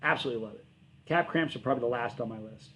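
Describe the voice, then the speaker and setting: A man's voice: mid-range voice, racing, a bit bright, slight background noise, poor audio. A man hosting a livestream, reading chat messages and answering in a casual, rambling way, often correcting himself mid-sentence. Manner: rambling, self-correcting, friendly. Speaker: channel host reading live chat.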